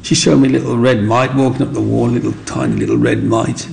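Gravelly older man. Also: mid-range voice, sing-song, brisk, darkish tone, a little hiss or hum, rough recording. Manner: rambling, earnest, with frequent asides. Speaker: interviewee. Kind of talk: reflective storytelling.

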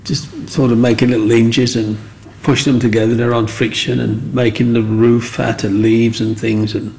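A man's voice: mid-range voice, little pitch movement, normal speed, creaky, darkish tone, a little hiss or hum, rough recording. A man, earnestly recalling his childhood in a rambling, heartfelt way. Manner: rambling, earnest, with frequent asides. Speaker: interviewee. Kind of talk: reflective storytelling.

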